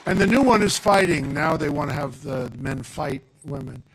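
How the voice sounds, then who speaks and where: A man's voice: on the high side, expressive, normal speed, husky, some chatter behind. An older man giving a rambling, digressive campaign rally speech at a podium microphone, repeating his points for emphasis. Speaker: political speaker at a rally. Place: outdoor or large rally venue.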